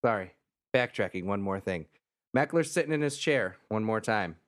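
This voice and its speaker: A man's voice: fairly low pitch, animated, normal speed. A laid-back man in casual podcast chat. He tells his story loosely, stopping to backtrack and add details.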